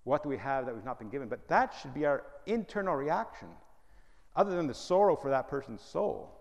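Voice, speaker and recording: A man with a gravelly, fry-edged voice preaches with emphatic humor. Long reverb from the hall trails his words. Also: mid-range voice, expressive, a little fast, lo-fi sound. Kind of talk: sermon.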